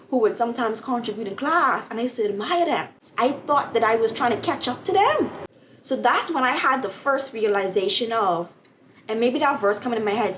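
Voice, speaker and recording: A young woman vlogging at home, animated as she tells a personal faith story and acts out the dialogue. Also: fairly high pitch, slight background noise. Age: young adult. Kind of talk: casual testimony vlog.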